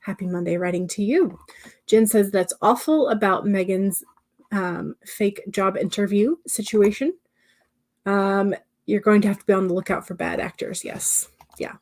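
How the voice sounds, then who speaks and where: A woman's voice: medium pitch, normal speed. Chatty woman host reading live comments. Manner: chatty, drifting into soft murmurs between comments. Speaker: livestream host.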